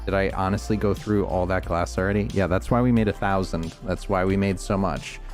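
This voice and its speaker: A man's voice: low voice, steady tone, brisk, darkish tone, faint music behind. A man with a Northeastern US accent chatting casually while playing a game, talking in a rambling, thoughtful way with lots of restarts. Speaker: streamer. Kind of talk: casual gameplay chat.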